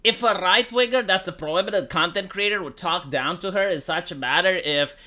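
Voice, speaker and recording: A man's voice: sits high, a little fast, pushed and bright. A man delivering a sarcastic, crude opinion rant as a commentary vlogger. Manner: sarcastic, ranting, crude language.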